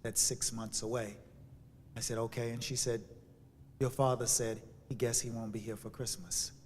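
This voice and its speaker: A man telling a personal story as a sermon, with dramatic shifts from hushed to loud. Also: mid-range voice, level tone, normal speed, slight background noise. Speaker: speaker. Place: church sanctuary. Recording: long hall reverb.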